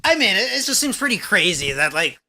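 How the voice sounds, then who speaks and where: A man's voice: high voice, very animated, fairly quick, a crowd in the background. A man co-hosting a podcast, laughing often and pushing back with reasoned points. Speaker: podcast co-host. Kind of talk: casual podcast banter.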